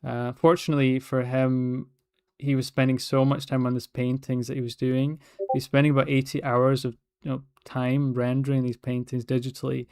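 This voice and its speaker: A man's voice: mid-range voice, flat delivery, moderate pace, darkish tone, clean tone, no room sound, clean studio sound. A young man with a light Scottish accent, chatting casually on a livestream, rambling and restarting his sentences as he talks. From Scotland. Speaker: artist livestreaming.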